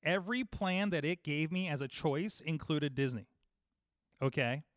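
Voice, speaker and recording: A man in casual podcast chat, telling an animated story and acting out both sides of phone calls. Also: fairly high pitch, moderate pace, no room sound. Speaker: podcast host.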